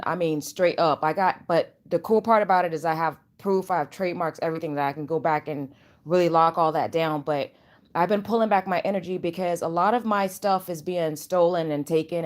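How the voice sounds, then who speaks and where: Sleepy, chatty woman with a lowish voice. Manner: chatty, rambling, many fillers. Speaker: spiritual reader and channel host. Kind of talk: casual spiritual vlog update.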